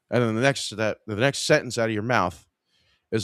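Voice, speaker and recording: A man's voice: lowish voice, brisk, a bit bright, dry recording, clean studio sound. A man hosting a podcast, telling a story in a casual, profane, exasperated way. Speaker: podcast host.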